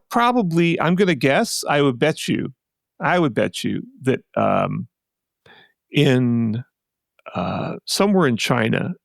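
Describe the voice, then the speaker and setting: Man, podcast co-host, rambling casual chat, restarts a lot, gravelly, dry. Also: mid-range voice, dry recording. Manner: rambling, with many restarts and asides.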